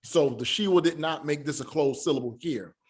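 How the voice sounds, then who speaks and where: Male online teacher: halting delivery, many fillers, slow syllable drills. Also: on the high side. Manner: spells out sounds slowly. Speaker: Hebrew teacher.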